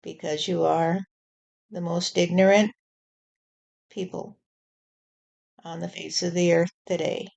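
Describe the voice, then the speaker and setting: A woman channeling God, slow and gravelly. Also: lowish voice, level tone, a little mellow, full character voice. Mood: scolding. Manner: slow, measured, repeating "you see". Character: God, a stern male deity warning humanity. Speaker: spirit channeler. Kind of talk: channeled spirit message.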